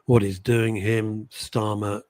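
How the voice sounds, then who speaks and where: A man's voice: lowish voice, slow pace. A middle-aged Englishman hosting a talk show, telling stories in casual chat and acting out the voices of people he quotes. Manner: animated storytelling with mimicked voices.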